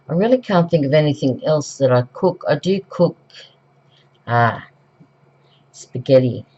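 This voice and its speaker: Slow, rambling middle-aged Australian woman. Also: very deep voice, a little mellow. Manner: rambling and chatty, with many ums and self-corrections. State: recovering from flu. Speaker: craft vlogger. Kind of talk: casual craft tutorial chat. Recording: dull, lo-fi home recording.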